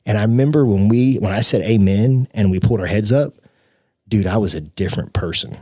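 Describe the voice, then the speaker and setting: Husky-voiced man telling a story. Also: lowish voice, fairly quick, no room sound, studio quality. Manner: earnest, animated storyteller who says "dude". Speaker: podcast guest. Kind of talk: casual storytelling.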